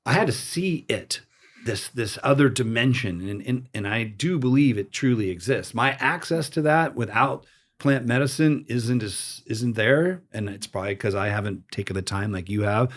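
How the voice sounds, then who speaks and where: A man hosting a casual interview podcast, telling his own story in a lively, animated way and acting out the voices of people he quotes. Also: medium pitch, normal speed. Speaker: podcast host.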